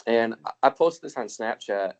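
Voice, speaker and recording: Laughing young man, lively voice. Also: medium pitch, moderate pace. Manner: laughs often, acts out quotes in raised voices. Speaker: podcast co-host. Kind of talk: casual chat.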